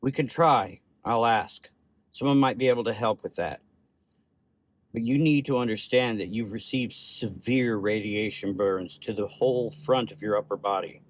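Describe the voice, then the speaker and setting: A man voicing an older Russian doctor with a Russian accent, speaking slowly and gently. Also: lowish voice, a little hiss or hum, natural voice. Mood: grave. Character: older male Russian doctor, kind, sad.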